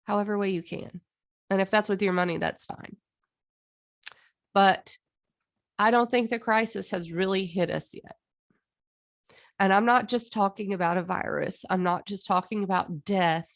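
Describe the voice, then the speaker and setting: A woman's voice: mid-range voice, creaky. A woman astrologer giving a heartfelt, impassioned monologue, stretching out phrases for emphasis.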